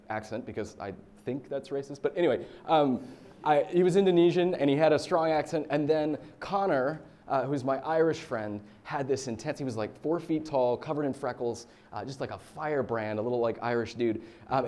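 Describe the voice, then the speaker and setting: American guy in his thirties preaching casually, lots of um and like, warm mellow voice, middle pitch. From United States. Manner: chatty storytelling with fillers and laughs. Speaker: pastor. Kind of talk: casual sermon.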